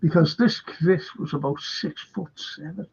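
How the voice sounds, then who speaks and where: A man's voice: on the high side, a little slow, gravelly, husky. An older man hosting a show, telling a rambling story in casual chat and repeating himself. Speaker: host. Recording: dull lo-fi stream audio.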